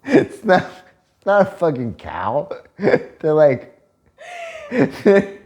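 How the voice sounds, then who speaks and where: A man tells a story in a casual chat. He swears a lot, jokes and laughs often, and his pitch swings widely. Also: wildly swooping pitch, very slow, darkish tone. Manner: profane, joking, laughs often. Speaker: vlogger.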